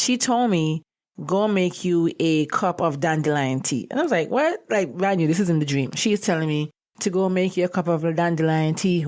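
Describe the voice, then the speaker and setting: A woman's voice: low-pitched, a little mellow. A young adult woman hosting her own podcast, talking in a somber, reflective way. She is openly emotional and teary as she talks. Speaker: podcast host. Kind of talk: personal podcast monologue.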